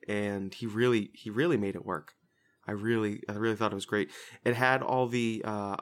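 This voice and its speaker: A young man talks through a film review in a relaxed podcast chat. His voice sits fairly low, and he rambles, restarting sentences and leaning on fillers. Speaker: podcast co-host. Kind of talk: casual movie review chat.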